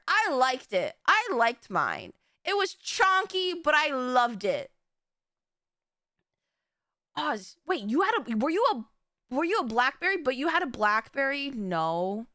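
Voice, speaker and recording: Young woman streamer, bright, sharp tone, animated storyteller who swears freely. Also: high voice, clean tone, no room sound, studio quality. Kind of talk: casual chat.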